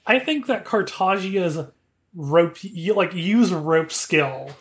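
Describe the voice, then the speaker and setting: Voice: mid-range voice, animated, takes it slowly. A podcast co-host in casual chat, playfully spinning joking fan theories.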